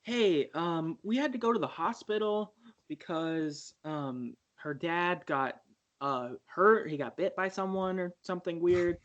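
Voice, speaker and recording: A man's voice: sits high, expressive, unhurried, a bit bright, highs cut off. A man quoting a panicked young mother on a voicemail. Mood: anxious.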